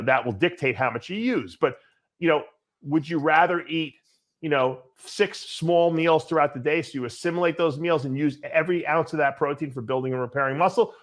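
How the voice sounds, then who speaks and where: An older man hosting a bodybuilding Q&A show, answering in a blunt, animated, storytelling way with some swearing. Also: on the high side. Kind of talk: casual Q&A answer.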